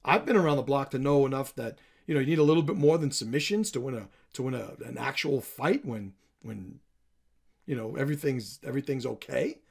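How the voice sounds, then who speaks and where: A man hosts a reaction video in a blunt, profane way. He swings between loud emphatic bursts and low, muttered asides. His voice sits in a middling range. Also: lively intonation, a little fast, vocal fry, husky. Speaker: commentary channel host.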